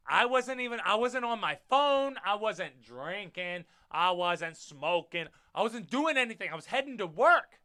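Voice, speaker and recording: A man hosting his own podcast, telling a story in a casual, animated way, swearing freely and talking straight to his listeners. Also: sits high, unhurried, hardly any pauses. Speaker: podcast host.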